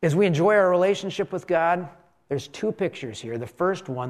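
A middle-aged man, a pastor, preaching a conversational sermon, slowing down for emphasis and having the congregation repeat lines with him. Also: sits high, lively intonation.

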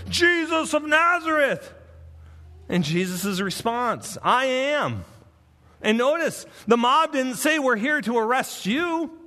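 A man preaching an expository sermon, earnest and emphatic, with dramatic pauses. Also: very high voice, bright, forceful tone, long reverb tail. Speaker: pastor.

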